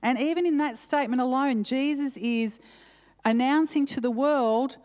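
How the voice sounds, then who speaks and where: A woman's voice: high voice, normal speed, darkish tone. A woman preacher giving a sermon in an earnest, conversational way, repeating verses with shifting emphasis and adding casual asides. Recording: long hall reverb.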